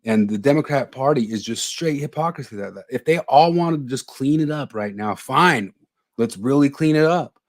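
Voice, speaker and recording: A man's voice: medium pitch, expressive, normal speed. A man co-hosting a podcast, talking bluntly in casual chat and often repeating his words. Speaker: podcast co-host.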